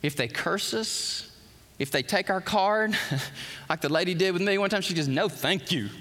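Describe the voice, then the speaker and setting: A man preaching a sermon, telling stories in an animated way and acting out what people said. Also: sits high, moderate pace, in a large hall. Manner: animated storytelling, acts out quotes.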